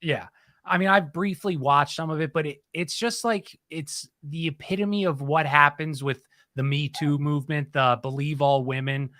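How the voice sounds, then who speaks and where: Male guest, bright forward tone, slightly high, dry close mic, rambles loosely. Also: normal speed, no room sound. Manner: loose, rambling, full of 'like'. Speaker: podcast guest. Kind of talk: casual chat.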